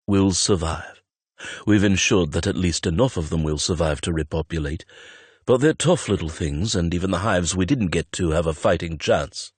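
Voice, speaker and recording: A man voicing a calm older man who speaks in a low, reassuring rumble. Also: normal speed, slightly rough, dry recording.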